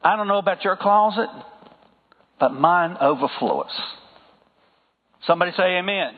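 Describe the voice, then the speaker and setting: A pastor with a high voice and a Southern accent delivers a sermon in an easy, conversational, animated way at a moderate pace, repeatedly asking the pews for amens. The sound is thin and phone-like with a long reverb tail, like a sanctuary heard over a narrow line.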